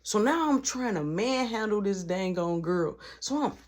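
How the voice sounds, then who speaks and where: A woman telling a casual storytime, animated and acting out every line of dialogue. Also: medium pitch, normal speed.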